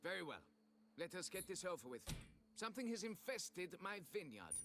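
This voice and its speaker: An actor playing a pompous, condescending aristocrat who owns a vineyard, in video game voice acting. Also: male voice, high-pitched, very animated, moderate pace, noisy background. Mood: haughty. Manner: haughty, fussy and condescending.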